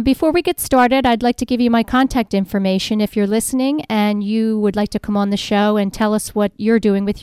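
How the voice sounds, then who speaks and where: A woman's voice: mid-range voice, clear, resonant tone, dry recording, studio quality. A woman hosting a local radio talk show, chatty and full of ums. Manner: chatty, warm laughs, many ums. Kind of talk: radio interview. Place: radio studio.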